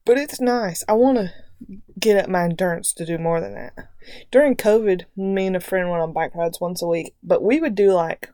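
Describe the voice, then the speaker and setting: A woman with a fairly low voice chats casually as a podcast co-host. She is blunt and teasing, and the sound is close and dry, with no room around her. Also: normal speed, mellow, no room sound. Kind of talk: casual chat.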